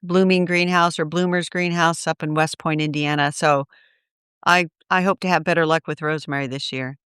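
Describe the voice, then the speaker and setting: A woman's voice: deep voice, steady tone, moderate pace, fairly bright tone, clear, resonant tone, no echo, studio quality. A woman co-hosting a gardening podcast, chatting in a practical, matter-of-fact way. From American Midwest. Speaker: podcast co-host. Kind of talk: casual gardening chat.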